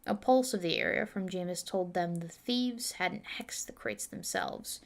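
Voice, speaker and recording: A woman's voice: on the low side, unhurried, creaky. A woman streaming a reading of her own novel, chatting casually with viewers and talking herself through the pages. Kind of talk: livestream chat and book reading.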